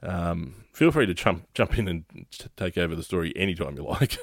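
A man's voice: low-pitched, lively intonation, fairly quick, creaky, no echo. An Australian man hosting a casual podcast chat, rambling with frequent restarts and laughing easily. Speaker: podcast host.

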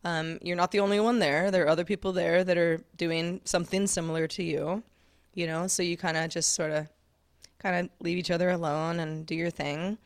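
A woman with a somewhat low voice chats casually and at length. She restarts her sentences often and laughs lightly as she goes. The sound is close and dry, with no room around it. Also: flat delivery, fairly quick, dry recording. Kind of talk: casual chat.

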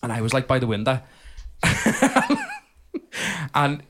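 Laughing, animated man. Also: medium pitch, slow pace. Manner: animated storytelling with lots of laughing and impressions. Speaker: podcast co-host. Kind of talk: casual banter with friends.

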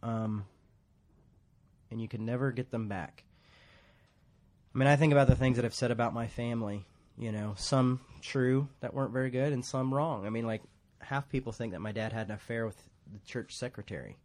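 A man's voice: medium pitch, moderate pace, a little mellow. A man preaching a casual, rambling sermon in a church, joking at his own expense and laughing often. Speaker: pastor.

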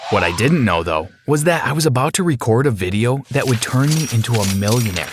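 A male narrator tells a first-person adventure from a script with dramatic storytelling. His pitch rises and falls in wide, lively swings. Steady noise and clicks sit under the voice. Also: a little fast.

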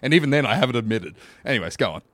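A man's voice: medium pitch, animated, very fast, a bit bright, no room sound. A young man co-hosting a comedy podcast, rambling with crude, self-mocking banter. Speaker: podcast co-host.

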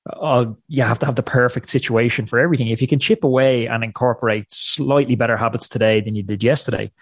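A man's voice: mid-range voice, fairly even intonation, fast, no room sound. A man talking as a podcast guest with punchy, motivational emphasis. His voice sits in a middle range and the recording is dry and close. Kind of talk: podcast interview talk.

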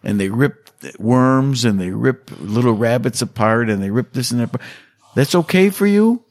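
A middle-aged man being interviewed, telling stories in a casual, animated way and acting out quotes with big jumps in voice. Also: medium pitch, normal speed, dry recording. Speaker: hunter and hunting instructor, interview guest.

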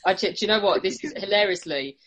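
A woman's voice: medium pitch, quick pace, a bit bright. A woman hosting a casual panel chat, teasing her guests and laughing often. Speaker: podcast host.

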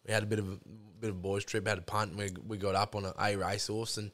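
A man's voice: fairly low pitch, level tone, very fast, fairly bright tone. A man with an Australian accent, a podcast guest telling crude, profane stories in casual chat and acting out both sides of the arguments.

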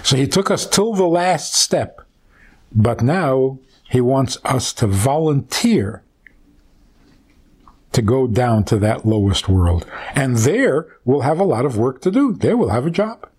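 A rabbi speaks in a slightly husky voice, unhurried, with a lot of rise and fall in pitch. He retells an old story as a teaching and keeps stopping to ask his listeners rhetorical questions. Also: animated, a little mellow.

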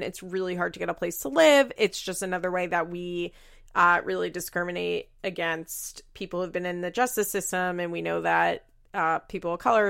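A woman's voice: lowish voice, creaky, fairly bright tone, no room sound, studio quality. A woman recapping a reality show in casual chat, blunt and profane, often laughing.

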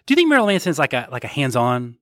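A man co-hosting a casual pop culture podcast, bantering with quick jokes. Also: medium pitch, wildly swooping pitch, fairly bright tone, no echo, studio quality. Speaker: podcast co-host.

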